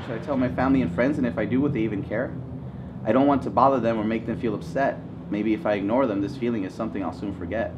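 A man reading his own rhyming children's book aloud in a gentle storybook manner, outdoors in a city. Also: lowish voice, steady tone, quick pace, dull audio, noisy background.

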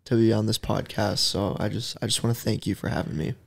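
A man who produces a podcast, interviewing its host in a studio, talking in a laid-back, rambling way that often trails off quietly. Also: lowish voice, steady tone, fast, vocal fry, slightly rough. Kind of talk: casual interview chat.

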